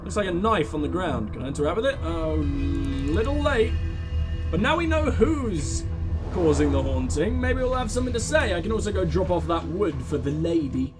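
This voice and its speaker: A man hosting a let's play in a high, lively voice, joking and swearing as he talks through the game. Game music plays clearly behind him. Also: moderate pace. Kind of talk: casual gameplay commentary.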